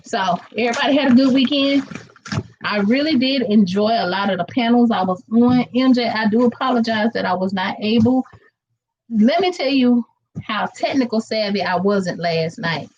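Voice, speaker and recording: A woman's voice: on the high side, moderate pace, a little mellow, highs cut off. A chatty woman, rambling casually to viewers while she cooks in her kitchen. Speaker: vlogger cooking live. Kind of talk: casual live-stream chat. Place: home kitchen.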